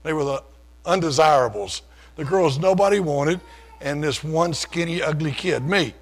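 An older man preaches a sermon testimony, telling his own story in a folksy, self-deprecating, conversational way. His gravelly, husky voice sits on the high side, and he keeps a moderate pace.

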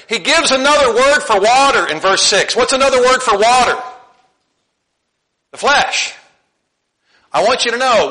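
A man's voice: very high-pitched, pushed and bright. A male preacher delivering a conversational sermon, asking the congregation questions and laughing often.

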